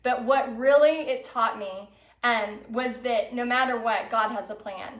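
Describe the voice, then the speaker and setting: A woman who teaches painting, telling a personal story to her viewers in an expressive way, acting out her past thoughts and laughing easily. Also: on the high side, unhurried, roomy sound. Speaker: painting instructor.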